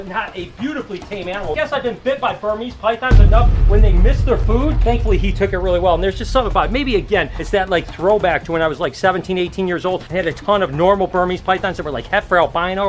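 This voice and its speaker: A man talking casually to camera while feeding his snakes, chatty and excited, with music playing underneath. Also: high-pitched. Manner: excited, chatty, exclaiming at strikes. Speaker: reptile keeper.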